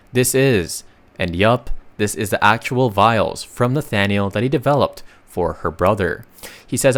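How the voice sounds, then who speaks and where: A man casually narrating a comic recap, reading the characters' lines aloud and adding offhand asides. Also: lowish voice. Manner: chatty, reads dialogue aloud with asides.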